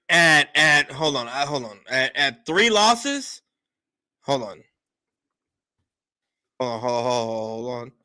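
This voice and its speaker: A man with a high-pitched voice argues his sports takes loudly, hammering each point again and again. He has been drinking a little, and his speech stays forceful and insistent. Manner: loud, emphatic, repetitive insistence. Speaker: sports podcast host. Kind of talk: heated sports opinion talk.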